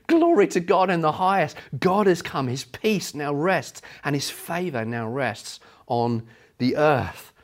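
Heralding angels call out to the shepherds in a loose, everyday voice, as a preacher acts them out. They sound bold and informal, as if announcing big news. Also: male voice, on the high side, sing-song, measured pace. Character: brash angels hailing shepherds.

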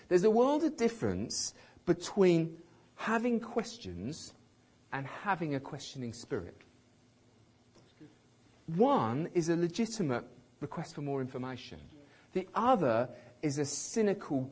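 Lively husky-voiced male preacher. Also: a little high, unhurried. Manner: conversational, emphatic, quotes voices with light humour. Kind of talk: sermon.

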